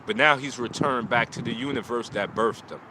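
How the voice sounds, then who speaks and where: A martial arts teacher streams live outdoors on a phone, his mid-range voice moving at normal speed against a noisy background. In this emotional talk he speaks about loss and motivation using short, preaching lines.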